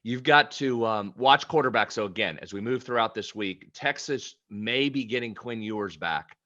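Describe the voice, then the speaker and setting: Podcast co-host, male, bright edgy tone, a little muffled, loose chatty delivery. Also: fairly low pitch, normal speed. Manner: chatty, stumbles and repeats words. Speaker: sports betting podcast co-host. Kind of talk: casual sports betting chat.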